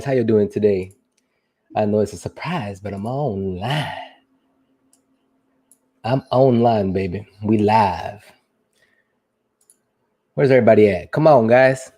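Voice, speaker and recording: A man's voice: lowish voice, a little slow, pauses often, warm tone. A young man hosting a casual livestream, chatting playfully with viewers in slangy, sing-song greetings. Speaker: livestream host, delivery driver.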